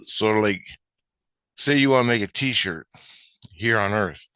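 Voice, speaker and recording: A man's voice: lowish voice, animated, a little slow, sharp tone, clear, resonant tone, no room sound. A man telling a rambling spiritual story to camera in a casual, meandering way, with some swearing. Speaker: vlogger.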